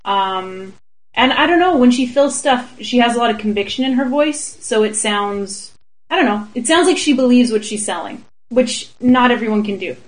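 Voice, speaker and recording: High-voiced playful woman interviewer. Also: expressive, rough recording. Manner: playful, teasing, quick to laugh. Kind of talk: casual interview chat.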